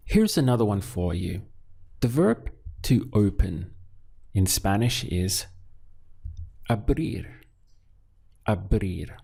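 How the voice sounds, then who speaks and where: A male language teacher with a lowish, gravelly voice and a dark, mellow tone. He speaks slowly and deliberately, repeating words so learners can follow. His manner is patient and methodical. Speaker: Spanish teacher. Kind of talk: language lesson with drills.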